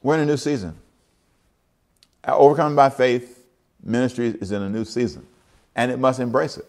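A pastor in his sixties delivers a sermon with a gravelly, mid-pitched voice. He drives points home by repeating phrases and climbs to loud, high emphatic peaks. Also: moderate pace, pauses often. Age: 60s.

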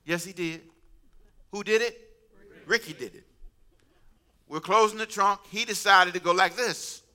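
A middle-aged man preaching a sermon as pastor, animated and humorous, with asides. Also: high-pitched, a little slow.

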